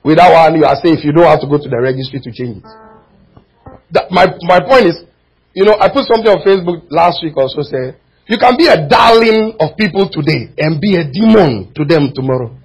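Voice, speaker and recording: A male preacher delivering a sermon in church, his voice sitting high and a little husky. He swings between impassioned, almost shouted lines and quiet, low asides to the congregation. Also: animated, a little fast, faint music behind, low-quality recording. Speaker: pastor.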